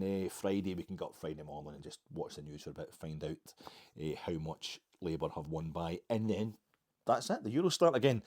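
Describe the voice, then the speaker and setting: Scottish male podcast host, deep and mellow voice, wry and rambling. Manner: rambling, self-mocking, wry. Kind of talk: casual monologue.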